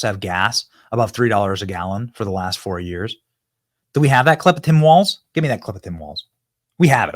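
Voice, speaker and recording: Animated man hosting a political show. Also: fairly low pitch, no echo, clean studio sound. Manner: emphatic, mocking, sudden loud outbursts.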